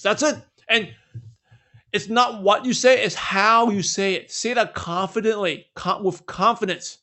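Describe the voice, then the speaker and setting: A man with a high voice leads a sales training session. He talks in a loose, conversational way and keeps checking in with a quick "right?". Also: steady tone, sharp tone. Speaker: network marketing trainer. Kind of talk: training talk with role-played scripts.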